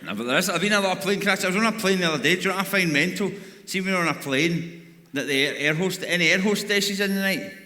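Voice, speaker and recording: Performing stand-up in a big arena, a man with a Glaswegian accent talks fast in a high-sitting, sharp voice with lively intonation. He is crude and sweary, teasing and bantering with the crowd, whose noise fills the echoey recording.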